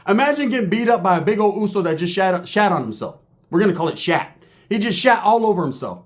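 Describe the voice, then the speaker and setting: A former prisoner from California tells a long, profane story in a monologue, fast, lively and crude. He is animated and slips into voices for the people in his tale. His voice is a little higher than most men's.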